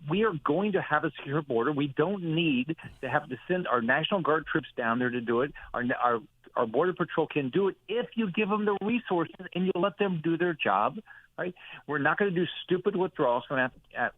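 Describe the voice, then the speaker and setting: A man on a thin, tinny phone line, talking in a blunt, indignant, emphatic way. His voice sits a little high for a man and sounds dry and close. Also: brisk, no echo. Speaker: senator, radio guest. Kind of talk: phone-in radio interview.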